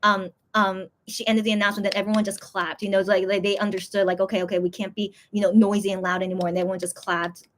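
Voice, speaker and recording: A woman vlogger telling a story in casual chat, rambling with lots of fillers and squealing high when she quotes others. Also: little pitch movement, fast, few pauses. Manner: rambling, heavy use of "like" and "okay?", acts out others in high squeals.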